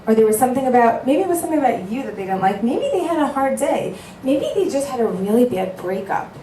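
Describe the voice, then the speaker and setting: A woman's voice: on the high side, quick pace. A woman addresses an audience with earnest conviction, slipping into other people's voices as she retells phone calls. She sounds slightly far from the mic, in an echoey room with a faint hum behind her. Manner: earnest, animated storytelling, acting out both sides of phone calls. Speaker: matchmaker giving a talk. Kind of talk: speech to an audience.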